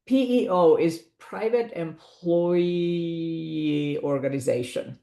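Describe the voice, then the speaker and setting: A woman's voice: on the low side, slow pace, vocal fry, dark tone, roomy sound. A woman presenting a business valuation webinar, explaining figures in a conversational way with asides to her audience.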